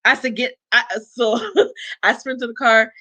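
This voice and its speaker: A young adult woman, a guest, telling a personal story and acting out the dialogue with big jumps in pitch. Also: a little slow, no room sound. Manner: animated, acts out quoted dialogue with big pitch swings.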